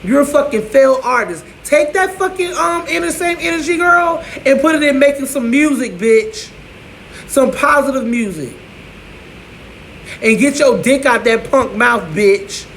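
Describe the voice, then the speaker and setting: A man's voice: very high-pitched, animated, measured pace, fairly bright tone, slight background noise. A man ranting to camera in a profane, sassy, scolding way, in an echoey room. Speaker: vlogger.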